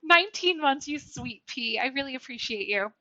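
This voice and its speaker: A woman's voice: high voice, lively intonation, moderate pace, sharp tone. A woman streamer chatting casually while baking in her home kitchen, bubbly and greeting her viewers by name. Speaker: Twitch streamer. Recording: slightly dull lo-fi stream audio, faint music.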